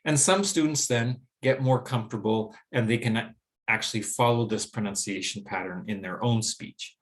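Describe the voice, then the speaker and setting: A man with a fairly low voice explains English pronunciation in a recorded lesson. He speaks clearly and deliberately, slowing right down to demonstrate each example word.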